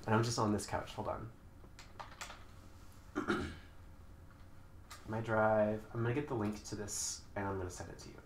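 A man streaming a game from a couch, chatting and taunting opponents with sudden loud outbursts. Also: on the low side, little pitch movement, measured pace, pauses often, echoey room, slight background noise. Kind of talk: live gameplay chat. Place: indoors on a couch while house sitting.

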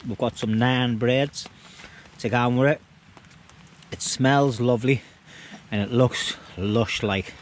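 A man's voice: mid-range voice, steady tone, slow pace, long pauses, slight background noise. A middle-aged man, chatting jokily to a handheld camera outdoors at a wild camp, using dialect slang. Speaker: vlogger on a camping trip. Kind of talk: casual outdoor chat to camera. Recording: outdoor camera audio with loud rain.

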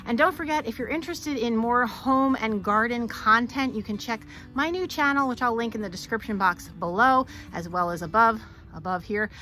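A woman's voice: on the high side, normal speed, pushed and bright. A middle-aged woman chatting casually on camera at home, showing off her thrifted decor finds with plenty of enthusiasm. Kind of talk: casual vlog show-and-tell. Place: at home, moving between rooms and outdoors.

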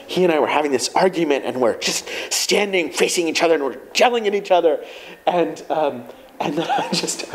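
This guest speaker's voice sits a little high, and the recording quality is low. He talks conversationally and reflectively about his feelings, telling personal stories and animatedly quoting himself.

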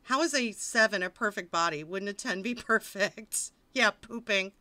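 A woman's voice: mid-range voice, normal speed, bright, forceful tone. Woman streamer, casual livestream reading, wisecracking and mock-exasperated between passages. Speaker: streamer reading fiction aloud.

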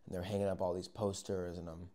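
A young man telling a casual, rambling story, acting out moments with yells and whispers. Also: sits low, flat delivery, quick pace. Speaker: vlogger.

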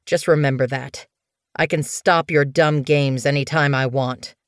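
A woman's voice: low-pitched, fairly even intonation, a little slow, dry recording, studio quality. A woman voicing a stern, harsh male cat warrior who growls his commands in an audiobook. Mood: menacing. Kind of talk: audiobook character voice.

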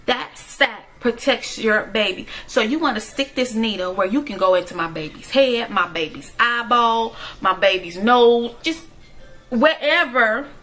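A woman's voice: a little high, sharp tone, rough recording. Emphatic woman telling a storytime. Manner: emphatic, direct, keeps asking "okay?". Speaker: vlogger, stay-at-home mom. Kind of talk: storytime vlog.

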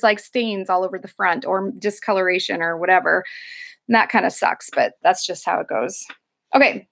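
A woman's voice: a little high, a bit bright. Chatty woman showing a thrift haul. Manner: chatty, rambling, lots of fillers and restarts. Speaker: thrift reseller vlogger. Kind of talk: casual haul video chat.

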